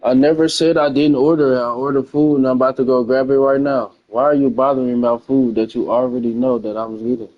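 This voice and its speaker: A man's voice: medium pitch, flat delivery, fast, few pauses. A young man bickering casually with his brother in a dismissive, annoyed way. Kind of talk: casual banter. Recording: dull lo-fi recording.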